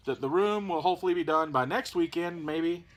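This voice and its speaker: A man's voice: fairly high pitch, a little fast. A man with a Southern American accent chatting casually at home as co-host, rambling with stammered restarts. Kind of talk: casual chat.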